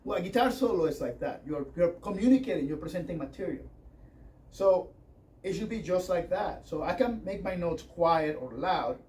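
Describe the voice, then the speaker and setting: A man's voice: sits high, lively intonation, normal speed, a little mellow. Rambling male guitar teacher, distant mic. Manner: rambling, conversational, lots of fillers. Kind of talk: workshop lesson with playing demonstrations. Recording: distant mic with faint noise.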